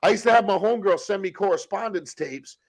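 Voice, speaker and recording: A man's voice: high voice, fast, crowd noise, poor audio. A man in casual chat, telling stories with lots of swearing and acting out what others said. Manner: profane, storytelling, acts out quotes. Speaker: guest telling prison stories.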